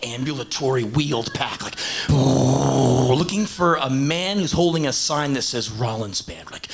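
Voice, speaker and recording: A man, telling stand-up stories on stage and acting out characters with sudden shouts. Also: expressive, moderate pace, creaky, a crowd in the background. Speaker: stand-up comedian. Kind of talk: stand-up storytelling. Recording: low-quality VHS tape of a live show.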